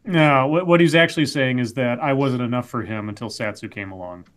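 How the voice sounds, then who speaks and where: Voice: mid-range voice, brisk. A co-host bantering playfully in a casual livestream chat.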